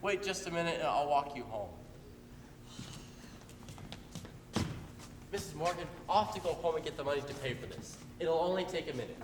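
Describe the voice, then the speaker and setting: A man's voice: fairly high pitch, animated, fast talker, close to an everyday voice. A young man playing a nervous, earnest young groom in a live stage play. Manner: earnest, pleading. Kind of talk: live amateur stage acting. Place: theater stage. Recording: noisy echoey hall from far off.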